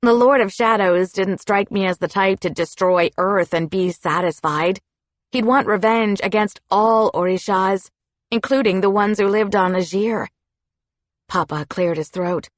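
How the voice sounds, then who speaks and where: A woman narrating a children's fantasy audiobook in a steady storytelling delivery. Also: medium pitch, measured pace, no echo. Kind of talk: scripted narration.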